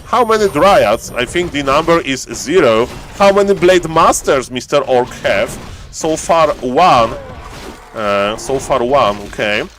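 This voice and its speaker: A man casting a strategy game live on stream, joking around and yelling excitedly when fights break out. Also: a little hiss or hum. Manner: playful, jokey, bursts into excited high-pitched yelling in fights. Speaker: esports caster.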